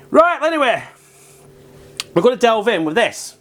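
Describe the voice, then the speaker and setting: A man's voice: high-pitched, very animated, normal speed, pauses often, fairly bright tone, a little hiss or hum. A man chatting casually and swearing freely while he cooks in his own video, rambling off topic and joking as he goes. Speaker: home cook vlogger. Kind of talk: casual cooking vlog.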